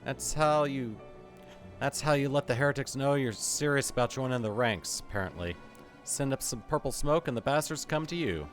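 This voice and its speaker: A man voicing a low-born male soldier in a video game, talking in a folksy, rough way with dropped grammar. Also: normal speed, faint music behind, close to an everyday voice. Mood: chatty.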